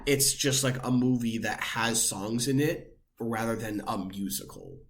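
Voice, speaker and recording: Very animated yet a little slow, this young man speaks with a medium-pitched voice and vocal fry. He co-hosts a podcast, rambling through casual chat full of filler words.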